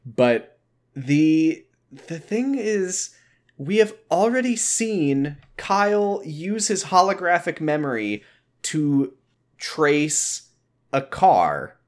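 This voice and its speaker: A podcast co-host tears into a show's plot in casual chat, exasperated and quick to swear. Her pitch rises and falls widely as she rants. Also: animated, a little mellow. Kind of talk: casual comedic recap chat.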